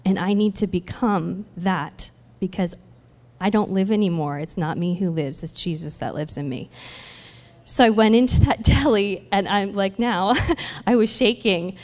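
A woman sharing a personal faith testimony in an animated storytelling way, acting out the conversations she describes. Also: mid-range voice, a little slow. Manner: animated storytelling that acts out dialogue, with laughs. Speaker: church speaker sharing a testimony. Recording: long hall reverb.

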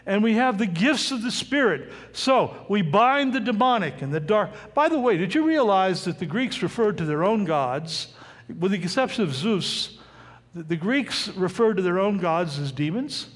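A male pastor preaching a sermon in a lively, conversational way, often asking the congregation questions. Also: sits high, normal speed, long reverb tail.

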